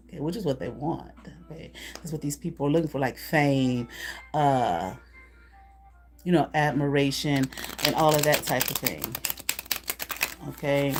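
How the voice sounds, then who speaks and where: A woman with a lowish voice runs a live card-reading stream, shuffling as she talks. She is blunt and profane, often breaking into laughter. Faint music sits behind her. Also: a little mellow. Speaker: intuitive card reader.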